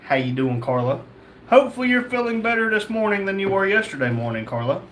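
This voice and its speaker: A man's voice: sits high, very animated, fast, noisy background. Easygoing man reading live chat. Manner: reads chat names aloud, chatty and easygoing. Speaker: livestream host reading chat. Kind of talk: casual live-stream chat.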